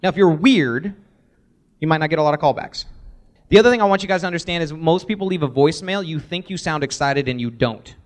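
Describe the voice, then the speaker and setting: A man presenting a live sales workshop, energetic, acting out sample voicemails as he teaches. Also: on the high side, fast talker.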